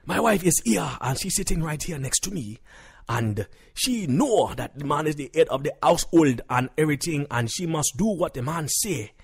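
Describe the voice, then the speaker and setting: A hot-tempered Jamaican husband who preaches in broken grammar on a comedy call-in show, as a man puts him on. His voice sits a bit high and comes out husky, and he flares into shouts when crossed. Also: lively intonation, normal speed, full character voice. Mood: preachy. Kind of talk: comedy radio call-in sketch.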